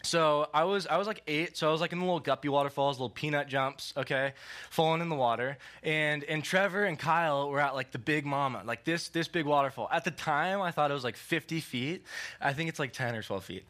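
A young man with a bright, fairly high voice preaches in an easy, chatty way. He fills his talk with "like" and "okay" and speaks as if to friends. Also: brisk. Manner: casual, conversational, lots of "like" and "okay". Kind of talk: sermon with a personal story.

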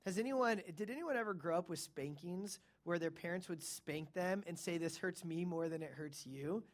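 A man in his thirties preaching a sermon, talking to his listeners and rising to loud, emphatic peaks. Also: on the high side, unhurried. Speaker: pastor.

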